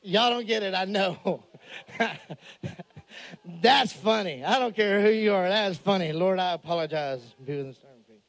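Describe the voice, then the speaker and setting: A high-pitched man delivers a sermon full of stories and jokes. He is animated throughout and raises his voice to a shout on the lines he wants to land. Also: measured pace, long pauses. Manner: animated, jokey, shouts for emphasis. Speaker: pastor. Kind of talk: humorous storytelling sermon.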